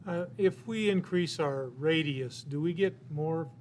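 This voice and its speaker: A man asking a council presenter measured questions. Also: fairly high pitch, background noise. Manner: measured, inquiring. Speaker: city council member.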